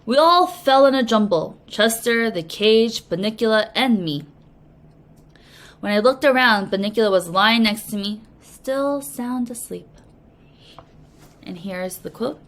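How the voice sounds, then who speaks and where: Woman, English teacher, reading lesson for kids, patient, unhurried, a touch high-voiced. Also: expressive. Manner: slow, patient explaining to young students. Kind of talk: recorded supplementary reading lesson. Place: language academy.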